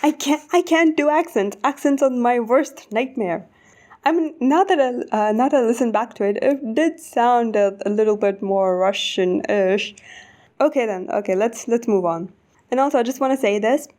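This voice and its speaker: A woman with an Indian accent telling a casual storytime, animated and swearing often. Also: on the high side, normal speed. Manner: animated, swears often, rising to indignant outbursts. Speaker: vlogger.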